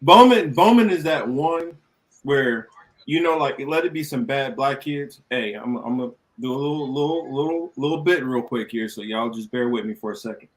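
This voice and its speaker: A man's voice: mid-range voice, expressive, normal speed. A man co-hosting a podcast, giving joking, profane running commentary on video clips. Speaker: podcast co-host.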